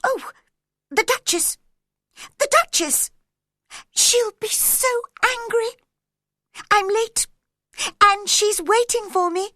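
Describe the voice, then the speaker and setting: A woman voicing a small, frantic male rabbit who is always late, with squeaky, breathless, panicky exclaiming in a storybook reading. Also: takes it slowly, long pauses, sharp tone, no echo, clean studio sound, exaggerated voice. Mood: panicked.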